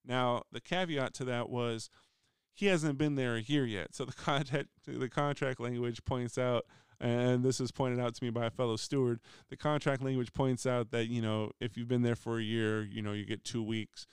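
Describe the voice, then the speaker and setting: Middle-aged guy telling a long work story, very smooth clear voice, dry close sound, lots of restarts. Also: medium pitch, fairly even intonation, moderate pace, no echo. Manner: rambling, frequent restarts, acts out quoted voices. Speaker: union steward. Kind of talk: casual storytelling monologue. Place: voice message recording.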